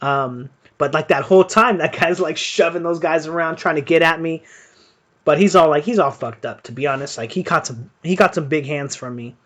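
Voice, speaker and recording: Young guy, kinda high voice, rambling and swearing a lot, casual boxing stream chat. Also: moderate pace, a bit bright. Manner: rambling, profane, lots of fillers. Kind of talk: casual storytelling during live fight commentary.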